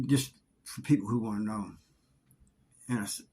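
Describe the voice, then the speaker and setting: A middle-aged man telling a story from his time in prison in a casual, halting way, often repeating words. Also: medium pitch, darkish tone, slight background noise. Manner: halting, repeats words, drawling Southern-sounding grammar.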